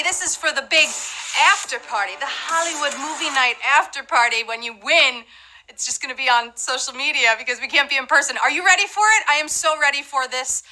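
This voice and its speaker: A woman's voice: high-pitched, sharp tone, low-quality recording. A woman hosting a live trivia game show, chatty and playful, with asides to the players.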